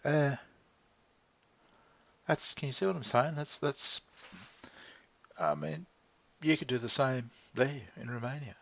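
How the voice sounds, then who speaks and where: A man's voice: mid-range voice, slow pace, vocal fry, pauses often, a bit bright. A man talking in a meandering, laid-back monologue, swearing casually and chuckling as he goes. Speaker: vlogger. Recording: dry, slightly dull lo-fi sound.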